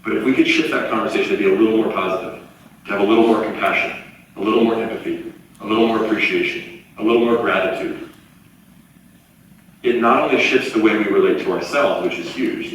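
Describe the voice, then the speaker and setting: Animated male speaker in an echoey hall. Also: lowish voice, fast, a little hiss or hum. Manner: animated storytelling, acts out quoted voices. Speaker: motivational speaker. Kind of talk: live keynote talk. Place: large auditorium. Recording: echoey hall from far off, faint ambience.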